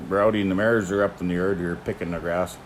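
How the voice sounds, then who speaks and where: An older man, hosting a casual chat and telling folksy stories about horses, often chuckling and clearing his throat. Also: deep voice, fairly even intonation, normal speed, fairly bright tone, a little hiss or hum. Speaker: host, horse teamster. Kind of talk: casual chat answering viewer questions.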